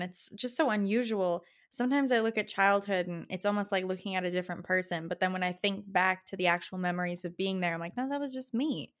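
A young woman with a Canadian accent talks through a casual solo podcast. She is passionate and chatty, and her pitch climbs at the end of her phrases. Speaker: podcast host.

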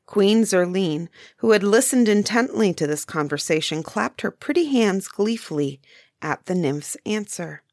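A woman narrating a bedtime story, softly and unhurried. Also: mid-range voice, expressive, dry recording, studio quality.

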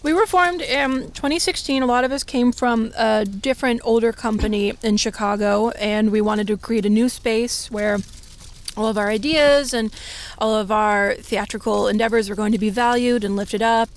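A woman's voice: a little high, normal speed. A woman guest from a theater company, chatting casually, chatty and self-deprecating. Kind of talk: casual chat.

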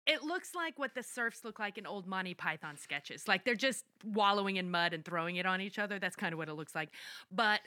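A woman's voice: medium pitch, animated, a little fast, sharp tone. A woman co-hosting a podcast, recapping plot points in wry, blunt, casual chat with some swearing. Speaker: podcast co-host.

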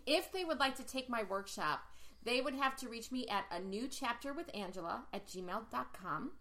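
Woman, podcast co-host, bright and animated, casual storyteller. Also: moderate pace. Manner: animated, acts out quotes with big pitch jumps. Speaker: podcast co-host and workshop leader.

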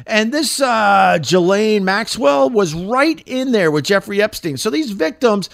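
This is a former shock jock radio host, middle-aged, now running his own podcast and riffing through social media posts in a loose, swearing, emphatic monologue. He speaks a little slowly in a high voice with lively intonation and vocal fry.

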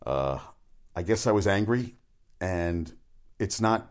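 Deep-voiced new guy doing a rambly sports talk show, blunt, cusses, keeps restarting. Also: lively intonation, takes it slowly. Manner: meandering, blunt, swears, many restarts. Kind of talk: rambling casual monologue.

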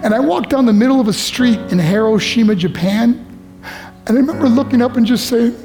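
A man's voice: extremely high pitch, expressive, fairly quick, warm tone, faint music behind. A man telling a personal story as a motivational speaker to teenagers, his voice rising with emotion.

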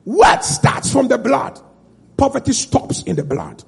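A man's voice: very high-pitched, wildly swooping pitch, a little slow, vocal fry, slightly rough. A male pastor preaching with fervor, in rhythmic repeated lines and calls to the congregation. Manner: fervent, rhythmic call-and-response preaching. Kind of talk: sermon.

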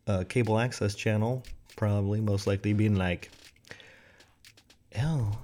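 A man's voice: lowish voice, fairly even intonation, brisk, warm tone. A man hosting a podcast, rambling through an irreverent, jokey comedy rant. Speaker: podcast host.

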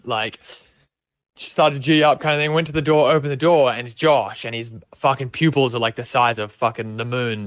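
A man's voice: medium pitch, fairly bright tone, smooth, dry recording. A young man with an Australian accent, telling a rambling, sweary story in a casual way. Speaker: storyteller guest.

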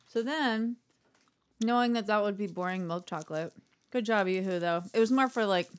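A woman's voice: medium pitch, normal speed. A young woman co-hosting a casual podcast, playful and chatty, full of "like" and little acted-out bits. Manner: playful, uses lots of "like", acts out little scenes. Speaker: podcast co-host. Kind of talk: casual chat.

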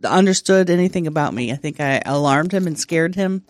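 A woman's voice: sits low, brisk, darkish tone, dry recording, clean studio sound. A woman co-hosting a podcast in casual chat, blunt and swearing. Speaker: podcast co-host.

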